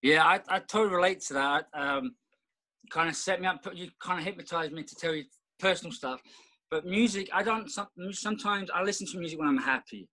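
A man's voice: high voice, fairly quick, pushed and bright, low-quality recording. A middle-aged man talking as a podcast guest in a rambling, reflective way, with many restarts. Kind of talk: casual conversation.

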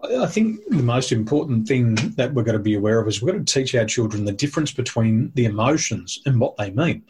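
Husky-voiced man explaining emphatically. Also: medium pitch, very animated, fairly quick, darkish tone. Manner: emphatic, teacherly, lists points. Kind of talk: conversational explaining.

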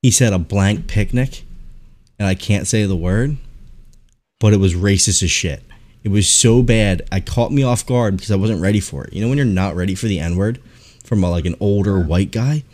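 A man hosting a podcast, telling a profane, animated story in casual chat and acting out the people in it. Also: lowish voice, normal speed. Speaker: podcast host.

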